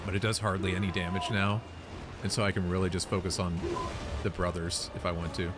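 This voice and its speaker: A man casually commenting on his gameplay run, relaxed and rambling with lots of fillers. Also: low-pitched, fairly quick. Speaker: gamer explaining his run. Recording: voice over loud game music.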